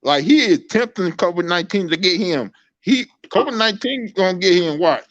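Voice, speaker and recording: A man's voice: high-pitched, lively intonation, brisk, fairly bright tone. A man co-hosting a casual commentary chat, joking and mocking. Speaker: co-host. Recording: dull lo-fi audio.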